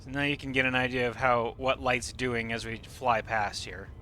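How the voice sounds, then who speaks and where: A man's voice: medium pitch, flat delivery, normal speed, pushed and bright, slight background noise. A man streaming a game live, explaining what he sees with enthusiasm and casual swearing. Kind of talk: live gameplay commentary.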